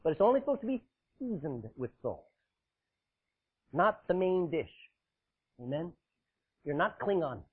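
A man preaching a sermon to a congregation, emphatic and forceful, joking with the listeners in between. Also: on the high side, sing-song, unhurried, pauses often, breathy edge. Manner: forceful, emphatic preaching with sudden loud bursts and dramatic drops; laughs often, jokes with the congregation. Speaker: pastor. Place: church, live congregation. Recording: tinny phone-like sound.

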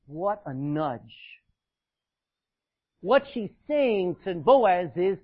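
A male pastor preaching a sermon, swinging between loud emphasis and hushed asides. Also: high-pitched, animated, slow pace. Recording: dull, lo-fi sound.

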